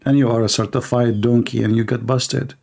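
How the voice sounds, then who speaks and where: A man's voice: medium pitch, steady tone, fairly quick, gravelly, a little mellow. A man streaming live commentary, taunting and insulting his opponents in broken English. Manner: taunting, insulting, non-native grammar. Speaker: online debate streamer.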